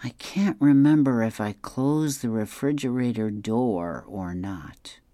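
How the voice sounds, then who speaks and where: A man's voice: mid-range voice, slow, mellow, no echo, studio quality, lightly acted. A man voicing a fretful, hungry husband from a comic strip, mumbling his worries.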